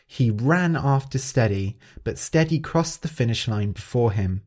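A man hosting a story podcast, narrating clearly and expressively for English learners. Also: mid-range voice, a little slow, few pauses. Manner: clear, expressive, carefully paced.

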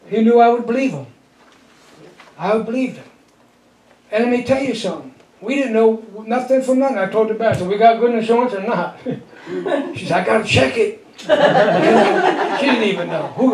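A middle-aged man preaching a sermon as pastor, telling a folksy story with frequent chuckles and drawing amens from the congregation. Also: very high-pitched. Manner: call-and-response with the congregation. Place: church. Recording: echoey church sanctuary.

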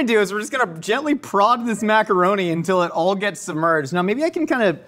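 A man's voice: expressive, fairly quick, hardly any pauses, a bit bright. Jokey man hosting a cooking show. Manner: jokey, rambling asides, yelps into high squeaky voice when acting out stories. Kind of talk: casual cooking demonstration. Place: kitchen studio.

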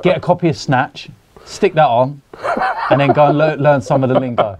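A man's voice: mid-range voice, normal speed, background noise. A man co-hosting a casual football podcast, bantering and teasing. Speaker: podcast co-host.

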